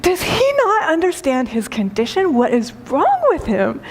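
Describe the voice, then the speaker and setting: A woman's voice: sits high, huge pitch swings, moderate pace, voice pushed up. A woman voicing a frustrated, arrogant male hospital doctor who keeps asking insistent, exasperated questions. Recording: long hall reverb.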